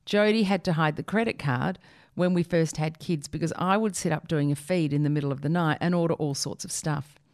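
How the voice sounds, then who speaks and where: Woman, lowish voice, dry comic read-aloud, presenter type. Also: a little fast, darkish tone, no echo. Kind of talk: read-aloud humorous essay.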